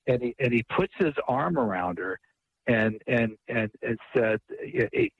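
A man's voice: medium pitch, sing-song, measured pace, creaky, breathy edge, dry recording. A man guest retelling a story at length, with many restarts and quoted dialogue. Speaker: author and radio guest. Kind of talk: phone interview storytelling. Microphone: phone line. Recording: tinny phone line.

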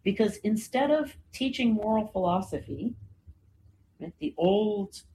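A woman's voice: mid-range voice, expressive, unhurried, dark tone, slight background noise, low-quality recording. A woman explaining history in a conversational lecture style, often checking in with "right?" and "you know.". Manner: frequent "right?" and "you know" fillers, thoughtful.

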